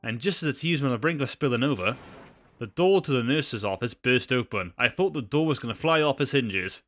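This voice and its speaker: A man's voice: medium pitch, expressive, brisk, a bit bright, faint music behind. A male streamer chatting casually, often stumbling over his words, and reading out story narration for a game. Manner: self-deprecating, stumbling.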